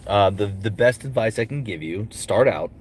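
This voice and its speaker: A man who is a voice actor and streamer, answering chat comments aloud in a relaxed livestream Q&A full of fillers. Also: lowish voice, normal speed, a little hiss or hum.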